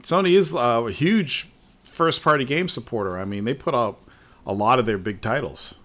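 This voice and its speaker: A man's voice: mid-range voice, normal speed, fairly bright tone. Laughing, swearing gaming show host man. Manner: laughs often, swears freely. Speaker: podcast host. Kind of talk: casual gaming news chat.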